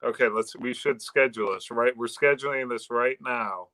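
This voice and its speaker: A man's voice: mid-range voice, normal speed, sharp tone, dry recording, low-quality recording. A man co-hosting a casual podcast chat, laid-back and slangy. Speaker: co-host.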